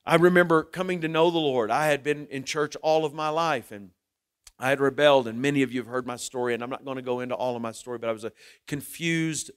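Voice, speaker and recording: A middle-aged male pastor preaching a sermon in an earnest way, rising loud and then dropping low and emotional. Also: fast, smooth.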